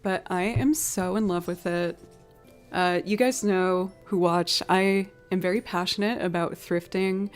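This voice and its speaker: Young woman streamer, low voice, casual chatty storyteller, faint music underneath. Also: steady tone, measured pace. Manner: chatty storytelling, reads out donations. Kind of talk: casual live-stream chat.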